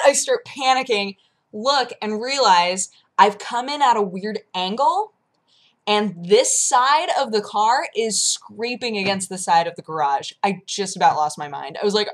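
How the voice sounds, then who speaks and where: A young woman vlogging in a loose, chatty way, her pitch leaping up and down as she tells a story. She acts out her own panicked reactions along the way. Her voice sits mid-height, lively and expressive. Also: moderate pace. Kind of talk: casual chat.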